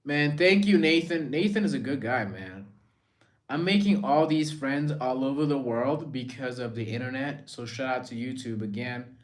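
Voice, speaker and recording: A man hosting a live stream in a casual, rambling way, reading out viewer comments and answering them. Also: medium pitch.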